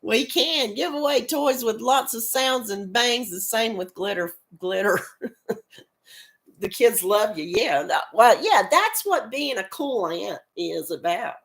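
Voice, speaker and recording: A crochet channel host in middle age, speaking with a rural American accent, runs a casual crafting live stream despite a cold and a cough. Her voice sits on the high side, fairly bright and animated, at a measured pace, as she chats, laughs frequently, and greets viewers by name.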